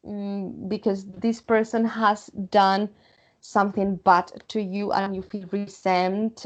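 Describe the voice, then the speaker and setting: A woman from Spain with a Spanish accent, teaching English vocabulary online, repeating words slowly and checking in with "okay?". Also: medium pitch, darkish tone, highs cut off. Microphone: computer mic.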